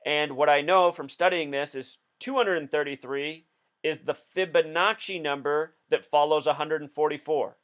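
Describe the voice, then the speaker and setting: A man's voice: fairly high pitch, fairly even intonation, moderate pace, a bit bright, clear, resonant tone. A man hosting a video, talking through a casual commentary in an insistent, explanatory way. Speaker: video host.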